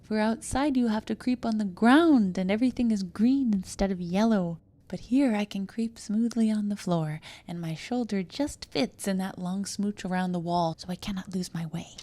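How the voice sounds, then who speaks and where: A woman reading a classic short story aloud, slipping between hushed whispers and sudden emphatic outbursts. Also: medium pitch, moderate pace, few pauses. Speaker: audiobook reader.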